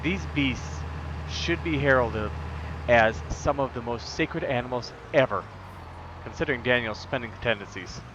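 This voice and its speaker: A man's voice: mid-range voice, unhurried, lo-fi sound, background noise. A man streaming a farming game, chatting casually in a rambling, jokey way with lots of fillers. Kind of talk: casual gameplay chat.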